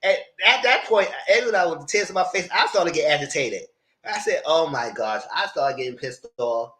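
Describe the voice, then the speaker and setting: A man hosting a live discussion of a reality show, dramatic and sassy, swinging into high exclamations. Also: a little fast, sharp tone, reverberant. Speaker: host.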